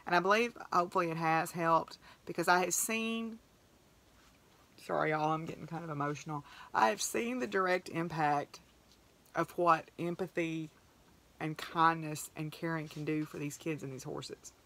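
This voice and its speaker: This middle-aged woman hosts a podcast and tells farm stories in a chatty, rambling, heartfelt monologue. Her voice is low and a bit bright, and she keeps a measured pace.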